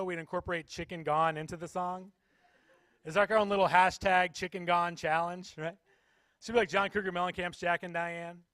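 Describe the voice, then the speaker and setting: On a church stage, a man does stand-up comedy, playfully teasing the audience with crowd work. His voice is high with a fairly bright tone, and there's no room sound.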